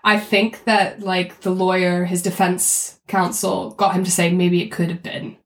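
A woman's voice: fairly low pitch, level tone, a little slow. A woman co-hosting a podcast, talking things through in a thoughtful, step-by-step way. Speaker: podcast co-host. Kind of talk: casual podcast discussion. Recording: roomy echoey recording.

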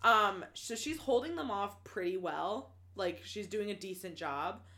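Woman, casual podcast co-host, mid-pitched, animated, swears a lot, laughs easily. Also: measured pace. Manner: animated, swears freely, laughs often, lots of restarts and "like". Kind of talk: casual book recap chat.

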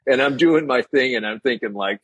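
Middle-aged male guest, candid anecdotes, husky and dry close sound. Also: medium pitch, a little fast, a bit bright, no echo, muffled recording. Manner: candid storyteller, laughs often, acts out quotes. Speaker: guest drummer. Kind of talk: casual interview chat.

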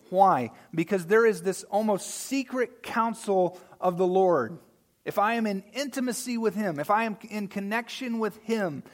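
A man preaching a sermon in a conversational way, often checking in with his listeners and swinging between loud emphatic lines and quiet asides. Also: high-pitched. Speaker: pastor.

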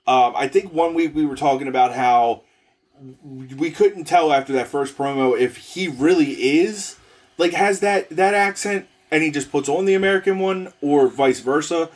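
A man's voice: on the high side, normal speed, a little mellow. A man co-hosting a casual wrestling podcast, hesitant and thinking aloud with frequent restarts. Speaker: podcast co-host.

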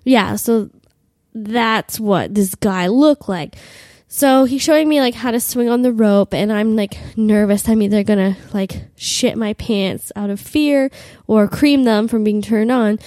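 A woman's voice: a little high, measured pace, darkish tone, dry recording. A young woman in her twenties with a cold, crudely and self-mockingly telling a comic travel story with lots of "like.". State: has a cold. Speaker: podcast host.

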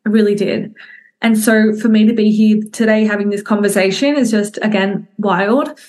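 A woman's voice: medium pitch, fairly even intonation, normal speed, darkish tone. A young woman, a fitness coach talking candidly to her group on a video call, swearing casually and speaking straight to her listeners.

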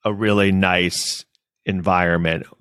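Male podcast co-host, dry close mic, casual and animated, curses freely. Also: low-pitched, measured pace, smooth, dry recording. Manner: animated, swears, mimics people in quoted voices. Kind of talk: casual chat.

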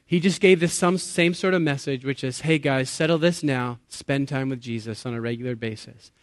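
With a mid-range voice at a moderate pace, a pastor in his late thirties delivers a sermon to a live audience in a church or meeting hall. He speaks earnestly and conversationally, laughing at himself and asking listeners questions, in clean studio sound with no echo.

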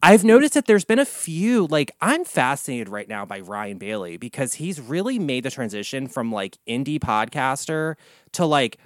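A man hosting a casual podcast chat, gossiping and swearing freely, with big swings in pitch and loudness. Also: very animated, moderate pace, no room sound. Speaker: podcast host, comic and drag performer.

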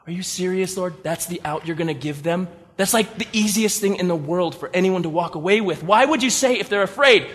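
Male pastor, high voice, funny and animated sermon, big reverberant hall. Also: a little fast, few pauses. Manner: animated, humorous, incredulous asides. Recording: long reverb of a large hall.

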